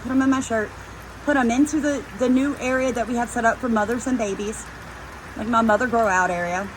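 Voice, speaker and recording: A woman's voice: sits high, a little hiss or hum, poor audio. A middle-aged woman, animatedly telling a story about her farm day to her viewers. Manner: animated, chatty storyteller addressing viewers as y'all. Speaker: homesteading vlogger. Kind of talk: casual storytelling vlog.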